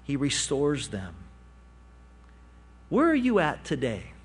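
A male pastor delivering a sermon, animated in his storytelling, rising for emphasis and dropping to quiet asides. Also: mid-range voice, slow pace, slightly rough.

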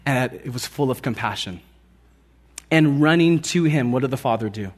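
A man preaching a sermon, telling a parable with lively acted-out lines and dropping soft on key points. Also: normal speed. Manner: animated storytelling, acting out quoted lines with rising pitch. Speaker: pastor.

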